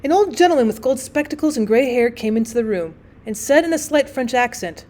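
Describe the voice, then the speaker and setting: A woman teacher narrating a classic short story in a clear, expressive audiobook reading. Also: a little high, brisk, few pauses.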